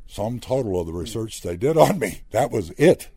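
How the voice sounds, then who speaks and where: Deep-voiced older man telling old stories. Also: very animated, moderate pace, dark tone, husky, dry recording, studio quality. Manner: chatty anecdotal storyteller who acts out quoted dialogue. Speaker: former player, broadcaster guest. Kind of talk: storytelling interview.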